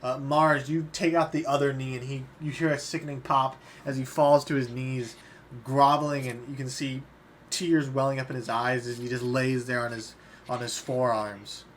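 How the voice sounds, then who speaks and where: A man's voice: medium pitch, level tone, normal speed, slight background noise. A man running a tabletop role-playing game, narrating the action in a descriptive, matter-of-fact way. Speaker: game master.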